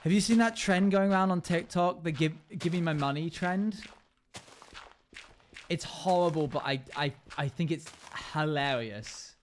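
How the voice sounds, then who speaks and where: A man's voice: a little high, unhurried, slight background noise. A young man livestreaming casually, chatting with viewers, laughing often and humming to himself. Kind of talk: casual chat with live chat while gaming.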